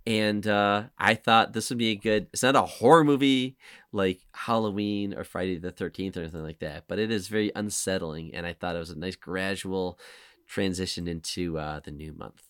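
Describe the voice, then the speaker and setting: A man's voice: low-pitched, fairly even intonation, moderate pace, fairly bright tone, clean tone, no echo, clean studio sound. Rambling man hosting a podcast. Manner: rambling, hesitant, with frequent restarts. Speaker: podcast host. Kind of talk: casual podcast chat.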